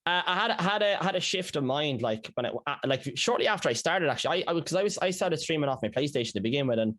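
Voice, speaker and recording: Irish guy rattling along fast, kinda high voice, lively storyteller on a podcast, swears a lot. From Ireland. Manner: animated storyteller, lots of slang and swearing. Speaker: podcast guest, streamer. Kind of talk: casual podcast chat.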